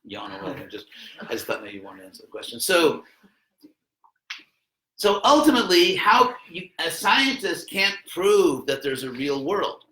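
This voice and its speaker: Bright, animated man teaching philosophy. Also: a little high, moderate pace, roomy sound, low-quality recording. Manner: conversational, jokey asides, acts out quotes with a raised voice. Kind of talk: informal philosophy lesson to students. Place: classroom.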